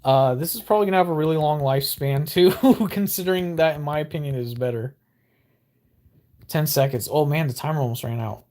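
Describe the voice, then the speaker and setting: A young man giving excitable, rambling gameplay commentary with exaggerated outbursts. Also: a little high, a little fast. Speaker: gaming YouTuber.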